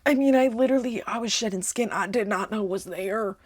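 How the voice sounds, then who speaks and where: A woman's voice: medium pitch, a little fast, breathy edge, dry recording, clean studio sound. A young American woman with a put-on Southern lilt, chatting playfully and sarcastically to camera at home in a vlog. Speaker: vlogger. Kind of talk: casual on-camera vlog chat. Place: at home, dyeing her hair. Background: music playing underneath.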